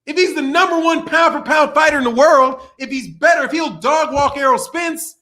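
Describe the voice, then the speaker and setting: A man's voice: very high-pitched, moderate pace, hardly any pauses, bright, forceful tone. A man hosting a boxing livestream, ranting in a heated, profane way, laughing often and repeating himself, with speech. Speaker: boxing channel host. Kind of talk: livestream commentary rant.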